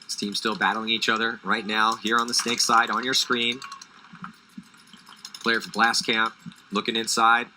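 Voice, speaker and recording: Male analyst, live match commentary, very bright tone, faint background noise. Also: fairly low pitch, measured pace, pauses often. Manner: analytical, steady play calling. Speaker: color commentator.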